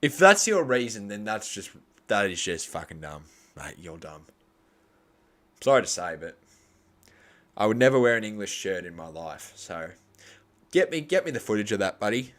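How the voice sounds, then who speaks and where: Young Australian bloke, low voice, rambling live-stream host who bickers with chat. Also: male voice, sing-song, moderate pace, long pauses, fairly bright tone. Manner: rambling, argues with chat, crude. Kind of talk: live cricket reaction stream.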